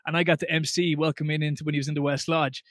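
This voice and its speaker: A man with an Irish accent hosting a podcast, telling stories in a casual, self-deprecating, animated way. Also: a little high, racing, dry recording, studio quality. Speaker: podcast host. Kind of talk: casual chat.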